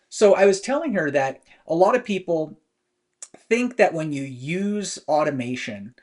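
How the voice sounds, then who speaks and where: Man, host, somewhat high pitch, casual business talk, storytelling, lots of fillers. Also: a little mellow. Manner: conversational storytelling with many fillers.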